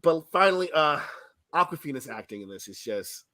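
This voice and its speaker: Bright-voiced man ranting about a movie. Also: on the high side, big pitch swings, fairly quick. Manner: blunt, jokey, laughs loudly. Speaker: podcast co-host. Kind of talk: casual movie review chat.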